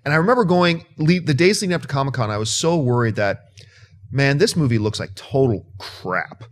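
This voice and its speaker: A man hosting a casual movie news chat, excitable and emphatic, repeating words when he gets worked up. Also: medium pitch, brisk. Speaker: host.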